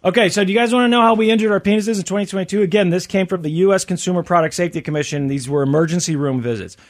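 A man's voice: high voice, racing. A man hosting a casual chat podcast, reading out news items and reacting. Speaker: podcast host.

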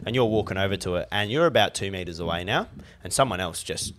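A man's voice: low-pitched, fast talker, slight background noise. A man co-hosting a podcast, telling funny stories in casual, swearing chat. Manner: laughing, swearing, animated storytelling. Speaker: podcast co-host.

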